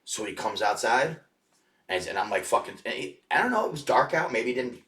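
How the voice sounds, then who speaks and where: A man, a podcast guest, telling rough stories in a rambling, profanity-heavy casual way. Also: medium pitch, animated, brisk, bright, forceful tone, recorded from a distance. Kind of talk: casual storytelling. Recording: echoey room, off-mic.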